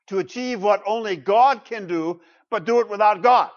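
A man's voice: sits high, expressive, normal speed, gravelly, few pauses. A middle-aged man preaching a sermon as pastor, emphatic, asking the congregation rhetorical questions. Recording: dull lo-fi sound.

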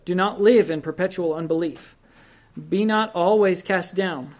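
An earnest preacher gives a sermon at an unhurried, deliberate pace. The voice sits at a middling pitch and exhorts listeners directly. Quoted verses come out raised and emphatic.

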